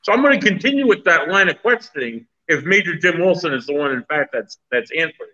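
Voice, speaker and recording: A man with a slightly high, very bright voice earnestly walks through what happened. He talks casually as a paranormal investigator. The sound is dull and lo-fi. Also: animated, quick pace. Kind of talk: casual chat.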